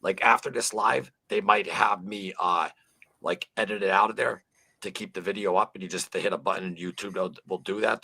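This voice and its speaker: A man's voice: low voice, creaky, pushed and bright, husky. A man hosting a casual livestream chat, rambling with lots of fillers and swearing freely. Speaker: livestream host.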